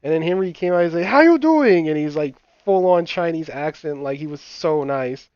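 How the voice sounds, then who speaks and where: A gaming channel host, this young man sounds slightly high, warm and smooth, with a steady tone and brisk pace and no echo. He tells rambling, profane stories full of fillers while playing and laughing, captured by a dull, dry lo-fi mic over game music.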